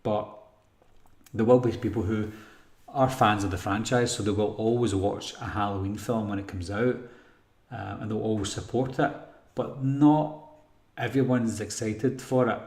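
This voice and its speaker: Male host, lowish voice, rambling live chat reads, roomy echo. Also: normal speed. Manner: relaxed, rambling, frequent ums and throat clearing. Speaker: horror channel host answering live chat. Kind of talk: casual live stream Q&A.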